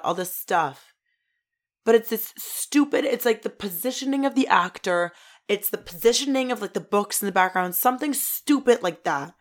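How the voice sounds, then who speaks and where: Twenty-something woman podcast cohost, ranty and excitable, swears a lot. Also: medium pitch. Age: 20s. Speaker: podcast co-host. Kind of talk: casual chat.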